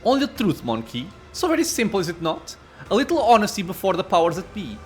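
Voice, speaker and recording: Man voicing a sneering dark elf, cruel, contemptuous, menacing, lively pitch swings. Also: fast talker, soft background music.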